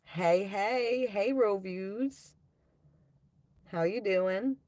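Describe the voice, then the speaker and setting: A woman's voice: mid-range voice, drawn-out words, darkish tone, no echo. A woman in her thirties from the United States, chatting bluntly and profanely on a livestream tarot reading, reading out chat comments and laughing often. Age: 30s.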